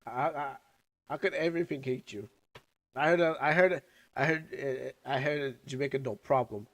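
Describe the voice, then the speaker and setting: A young man with a sick, cough-prone voice chats loosely on his livestream. He rambles, restarts and trails off. He talks around candy in his mouth, at an ordinary middle pitch. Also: normal speed, fairly bright tone. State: sick, coughing, recovering lungs. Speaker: streamer. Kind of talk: casual livestream chat.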